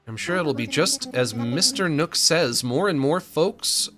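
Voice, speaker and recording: A man voicing a bubbly female pirate creature who talks in a high, chirpy pirate lilt full of "ye" and "arr". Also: expressive, a little slow. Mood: eager. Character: bubbly pirate woman creature, the captain's wife.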